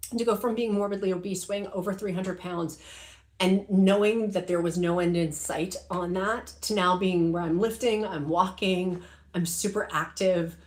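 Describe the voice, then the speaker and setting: A middle-aged woman hosting a shopping livestream, chatting casually and emotionally as she reads out viewer comments, with many fillers. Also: medium pitch. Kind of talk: casual live-stream chat reading comments.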